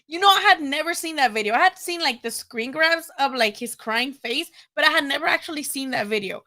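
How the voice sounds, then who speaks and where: Chatty high-voiced woman hosting a live stream. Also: expressive, brisk, hardly any pauses, bright, forceful tone. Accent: Chicano English. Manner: chatty, laughing, says "dude" a lot. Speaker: host of a boxing live stream. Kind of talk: casual live-stream chat.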